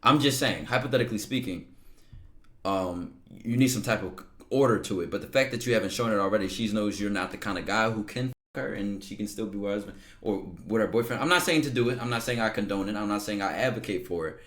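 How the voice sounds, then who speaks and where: A man reads viewers' messages aloud on his stream and reacts to them. He talks in a loose, blunt, slangy way and often breaks into loud disbelief. The sound carries a noticeable room echo. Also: lowish voice, fast talker. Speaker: host reading viewer messages. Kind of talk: casual commentary reading DMs. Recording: echoey room.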